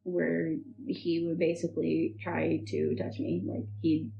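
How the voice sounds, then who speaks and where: A young woman as an interview guest, telling a painful personal story in a halting way, full of "like" and "um". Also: sits low, big pitch swings, creaky, mellow, a little hiss or hum. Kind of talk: emotional personal testimony. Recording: dull, muffled recording with faint music.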